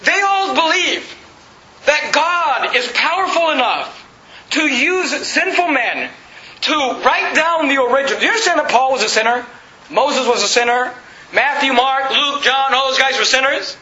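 A man's voice: extremely high pitch, lively intonation, normal speed, bright, forceful tone, a little hiss or hum. A man preaching a sermon, emphatic and repetitive, quoting scripture and putting questions to the congregation. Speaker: pastor. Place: church sanctuary. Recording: echoey, dull sanctuary recording.

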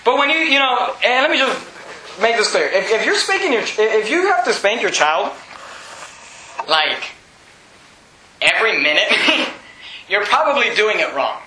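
A man preaching a sermon as pastor, emphatic and often shouting, with chuckles between points. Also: sits high, sing-song, unhurried, long pauses, slight background noise. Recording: roomy echo.

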